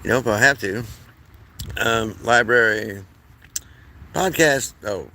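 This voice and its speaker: A man rambles through a livestream, jumping between topics with crude outbursts and mumbled asides. His voice is bright and edgy, sitting at an average pitch. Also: slow, creaky. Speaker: streamer host.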